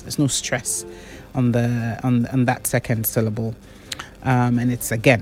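A woman's voice: rumbling low, level tone, unhurried, a little mellow, soft background music. A woman, a diction and public speaking coach giving corrective feedback on debaters' pronunciation.

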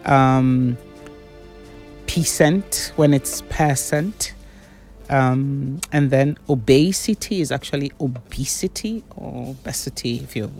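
A woman's voice: very deep voice, darkish tone. A woman, a diction and public speaking coach giving corrective feedback on debaters' pronunciation.

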